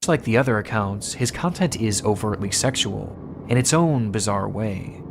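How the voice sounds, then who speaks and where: A man reading scripted documentary narration in a measured, grave way. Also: fairly low pitch, lively intonation, creaky, background noise. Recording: played back from a video.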